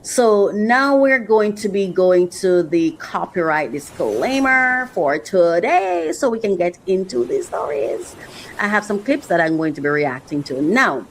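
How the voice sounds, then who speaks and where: A woman's voice: lowish voice, very animated, unhurried, a little hiss or hum, rough recording. Earnest woman host reflecting aloud. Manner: earnest, repeats phrases for emphasis. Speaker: host reacting to clips. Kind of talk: reflective faith-based monologue.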